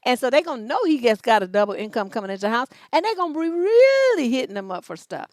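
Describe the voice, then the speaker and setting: A woman's voice: fairly high pitch, sing-song, quick pace, a little mellow, no echo. Blunt, profane relationship coach woman. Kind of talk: livestream advice show, reading letters.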